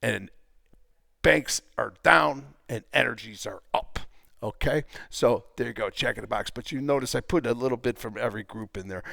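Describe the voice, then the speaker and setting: A man's voice: mid-range voice, gravelly, a bit bright, no room sound, studio quality. A man casually talking through stock charts as a trading teacher, rambling, repeating himself and throwing in jokey asides.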